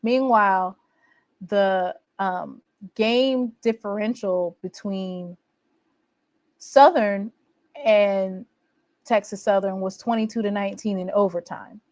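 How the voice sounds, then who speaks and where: A woman recapping her team's college football season in a casual, boastful, teasing way, with animated exclamations. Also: mid-range voice, takes it slowly, pauses often, no room sound. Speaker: college football fan vlogger. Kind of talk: casual trash-talking recap.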